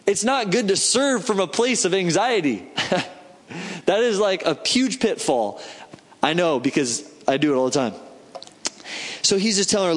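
Casual preacher in a reverberant hall. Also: male voice, high-pitched, normal speed, long pauses. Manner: conversational, animated, acts out quoted voices. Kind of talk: sermon.

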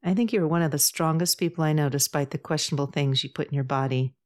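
A woman's voice: deep voice, fairly even intonation, fast, darkish tone, natural voice. A woman voicing an earnest, sensitive young activist. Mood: fond. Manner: earnest, patient, impassioned.

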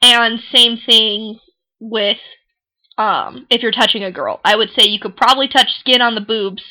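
A young woman co-hosts a podcast, her voice a little high, sharp and steady at a measured pace. The chat is frank and jokey with frequent laughter, though the sound quality is poor.

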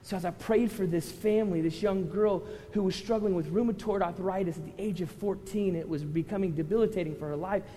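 A male pastor preaching to a congregation, conversational with loud impassioned rises. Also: high-pitched, a little fast, hardly any pauses. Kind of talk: sermon. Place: church hall with congregation. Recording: reverberant hall with faint ambience.

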